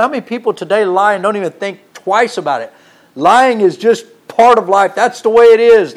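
A man preaching a sermon who reads scripture and swings from loud emphasis to hushed tones, using repeated rhetorical questions. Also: high voice, moderate pace.

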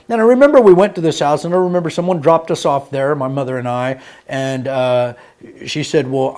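Man preaching a folksy sermon. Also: a little high. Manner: folksy storytelling, with a wide dynamic swing from loud to hushed.

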